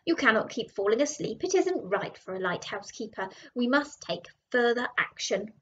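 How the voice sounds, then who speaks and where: A woman's voice: a little high, animated, normal speed, fairly bright tone, slight background noise. A woman voicing stern, long-faced lighthouse inspectors who speak formally, in a dull lo-fi recording.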